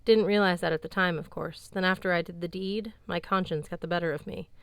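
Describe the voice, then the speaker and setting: A woman's voice: lowish voice, steady tone, fairly quick, no echo, close to an everyday voice. A woman reading an audiobook, voicing a fierce, bitter young woman warrior in a brusque, sardonic tone. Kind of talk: audiobook character voice.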